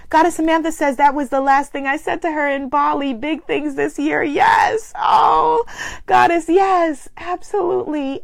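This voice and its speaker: A woman hosts a spiritual group call, giving an animated, preacherly talk that affirms her listeners. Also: high voice, no echo. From Guyana. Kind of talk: inspirational live talk.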